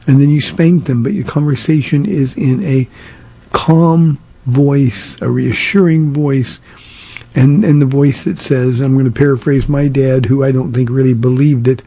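A man's voice: medium pitch, fairly even intonation, moderate pace, dark tone, no room sound. An older man, a pastor, answering listener questions on a radio show in a plainspoken way, with frequent "uh"s and repeated words. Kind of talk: radio Q&A sermon.

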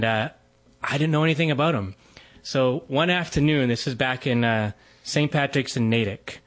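A man, a Catholic priest telling a relaxed personal story with frequent fillers and laughs. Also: mid-range voice. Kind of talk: conversational testimony.

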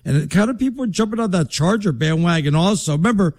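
A man's voice: high-pitched, lively intonation, fast, darkish tone. A man from Connecticut hosting a sports talk show, arguing in a brash, emphatic and mocking way. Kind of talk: casual sports debate.

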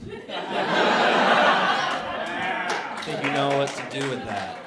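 A man doing a stand-up comedy set, telling an animated story that builds into exasperated outbursts. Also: medium pitch, extremely slow, heavy background noise. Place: comedy club stage with audience. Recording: live club recording, roomy with crowd laughter.

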